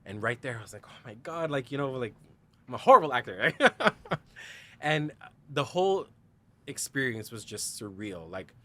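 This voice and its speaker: A man's voice: mid-range voice, very animated, normal speed, pushed and bright. A man, a podcast guest, telling a candid personal story with lots of "like" and "you know", acting out the lines of the people in it and laughing often. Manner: quotes others in dialogue, frequent "like" and "you know".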